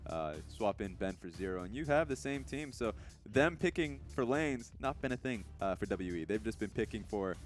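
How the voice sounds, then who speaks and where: A man with a fairly low voice breaks down an esports match at an analysis desk. He rambles through his points, restarting and correcting himself, with faint music under him. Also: lively intonation, normal speed, hardly any pauses.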